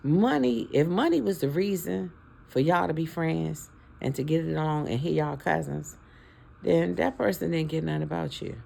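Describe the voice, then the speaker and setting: A woman's voice: low voice, normal speed, gravelly, dark tone. A woman in her fifties talking to her followers in a casual, heartfelt and preachy way, emotional about her family. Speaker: vlogger. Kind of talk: casual heartfelt talk to camera.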